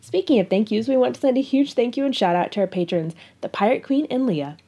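Relaxed woman co-host, warm mellow voice, easy book-podcast chat. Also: fairly high pitch, quick pace, breathy edge.

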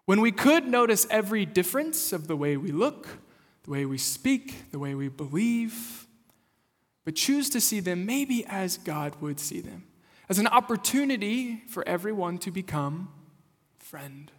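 A young adult pastor preaches in a church sanctuary, his high voice sing-song and unhurried, with long hall reverb on the recording. His sermon shifts from conversational storytelling into earnest exhortation.

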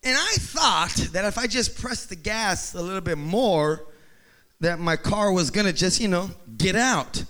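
A man with a high, bright voice spins a comic story for a crowd, swooping all over his range. He acts out each scene and climbs into shouts at the big moments. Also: expressive, slow pace. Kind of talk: humorous personal storytelling.

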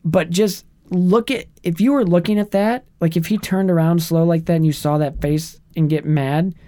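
A man co-hosting a casual movie review podcast, excitable and animated, often talking over his partner. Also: on the high side, moderate pace. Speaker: podcast co-host.

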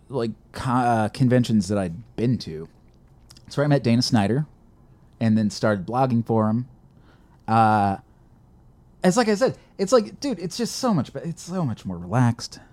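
A young man co-hosting a casual chat, complaining in a profane, exasperated, animated way. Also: mid-range voice, normal speed. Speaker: podcast co-host. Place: lives in Midtown Manhattan.

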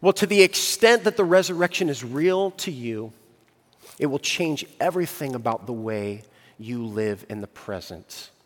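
A man preaching a sermon earnestly, building emphasis and slowing on key phrases. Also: medium pitch, lively intonation, in a large hall. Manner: earnest preaching with rising emphasis and slow pauses. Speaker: pastor.

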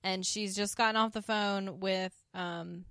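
A woman's voice: mid-range voice, measured pace, clean tone, no room sound. A woman, co-hosting a podcast and eagerly retelling a TV episode in casual chat. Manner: animated retelling, acting out characters' lines. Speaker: podcast co-host.

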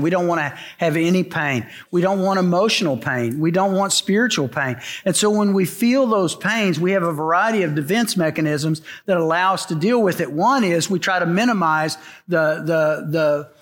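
A middle-aged pastor preaches to a congregation in a church sanctuary, at normal speed in a voice on the high side with a fairly bright tone. His style is emphatic, repeating its key lines.

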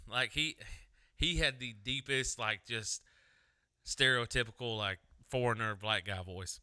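A young man with a very bright, smooth and clear voice, chatting on a podcast. He tells crude stories and swears freely. He slips into voices to imitate the people he talks about. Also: medium pitch, measured pace. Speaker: podcast co-host. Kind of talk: casual storytelling chat.

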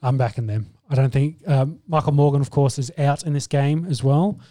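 A laid-back Australian man talking footy as a podcast co-host. His voice is dark and mellow, and it sits dry and close to the mic. He speaks casually and thinks out loud as he goes. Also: medium pitch, a little fast, no echo. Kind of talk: casual sports chat.

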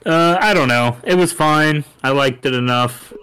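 Man with a smooth voice, dry jokes. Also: fairly high pitch, a little slow, sharp tone, low-quality recording. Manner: dry, joking asides. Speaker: podcast co-host. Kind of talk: casual chat.

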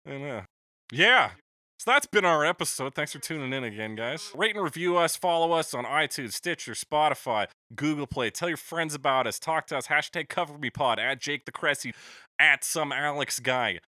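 Canadian guy cohosting a podcast, bright slightly high voice, loose jokey banter, dry mic. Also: expressive, normal speed, no room sound. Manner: loose, swearing, laughing banter. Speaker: podcast co-host. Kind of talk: casual podcast chat.

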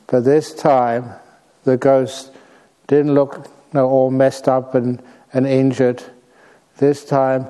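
Male Buddhist teacher, slow mellow storytelling talk with dry humor. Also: medium pitch. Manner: unhurried, with light humor.

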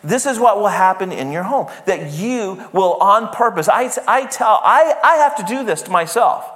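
A man's voice: sits high, animated, moderate pace, a bit bright. A man preaching a sermon as pastor, conversational and emphatic, often checking in with the congregation. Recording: long hall reverb.

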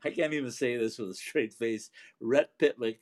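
A man's voice: medium pitch, moderate pace, darkish tone. Man, hockey co-host, chatty, laughs easily, casual talk. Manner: chatty, laughs while telling stories.

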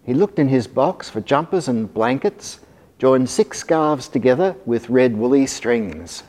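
A man reading a rhyming children's story aloud in an expressive, sing-song manner. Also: medium pitch, unhurried. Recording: long hall reverb.

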